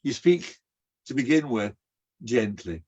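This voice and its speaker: An older rabbi preaching through stories, with a husky, breathy edge to his voice. His pitch sits in the middle, and he brings anecdotes alive with lively delivery. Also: slow, highs cut off. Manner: animated, acts out quoted voices. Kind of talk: storytelling sermon.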